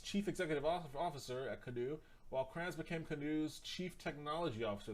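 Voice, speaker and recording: A man hosting a livestream, reading articles aloud with frequent stumbles and restarts, and breaking off for blunt, profane asides. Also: medium pitch. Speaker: livestream host. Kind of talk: casual livestream commentary, reading news aloud.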